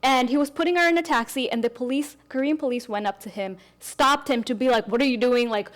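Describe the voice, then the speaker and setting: A young adult woman hosting a casual podcast chat, telling stories with lively acted-out dialogue. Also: high voice, fast. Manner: animated storyteller, acts out quoted dialogue. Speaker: podcast host.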